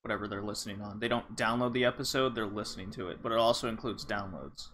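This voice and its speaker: Slight background noise sits under this man's lowish, somewhat bright voice as he hosts a casual gaming podcast. He talks fast and rambles, leaning heavily on filler words.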